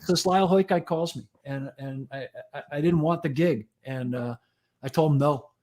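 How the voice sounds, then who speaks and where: A man's voice: on the high side, normal speed, mellow. A man in his sixties, a fire chief and editor, telling profane, jokey stories in casual podcast chat. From United States. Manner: profane, jokey anecdotes with acted quotes.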